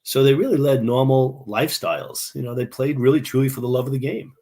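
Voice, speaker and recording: Warm-toned and quick, his medium-pitched voice carries casual anecdotes as a guest on a video-call interview. He's a middle-aged New Yorker who keeps restarting his sentences and does impressions of the people in his tales.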